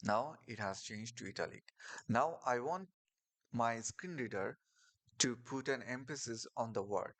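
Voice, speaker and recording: A man's voice: medium pitch, a bit bright. A man teaching a screen-share coding lesson, explaining step by step with fillers and restarts over keyboard clicks. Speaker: coding tutorial instructor.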